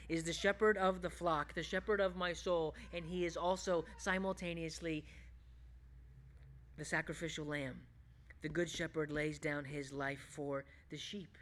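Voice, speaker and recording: A man preaching a sermon as a pastor, shifting between loud, emphatic bursts and hushed, low passages.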